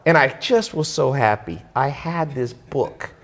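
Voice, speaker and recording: A man's voice: medium pitch, lively intonation, measured pace, a bit bright. A man telling a story in a casual talk with a lot of animation, jumping up into exaggerated voices when he quotes people. His voice sits in a middle range. The sound trails off into a long, hall-like reverb. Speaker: podcast host.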